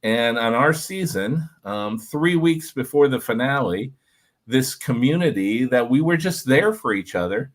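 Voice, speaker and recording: Man, animated storyteller, filler-heavy speech, everyday mid-range voice. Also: medium pitch, unhurried. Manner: energetic, filler-heavy, lots of "like". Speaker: former reality show contestant.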